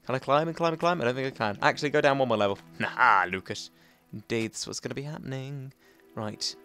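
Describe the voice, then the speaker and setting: A man with a medium-pitched, gravelly voice hosts a video game let's play. He chats and rambles to himself and his viewers, switching between loud bursts and soft muttering.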